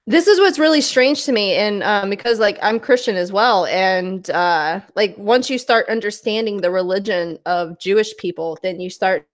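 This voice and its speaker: A woman's voice: medium pitch, moderate pace, few pauses. Chatty American woman host. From United States. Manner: chatty, many fillers. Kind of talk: casual chat.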